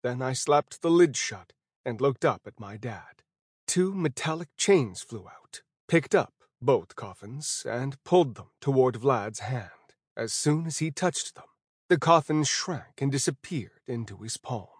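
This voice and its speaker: A male audiobook narrator reads a first-person fantasy story at a steady, measured pace in an ordinary mid-range register with a breathy edge. The recording is close and dry, with no echo or room sound.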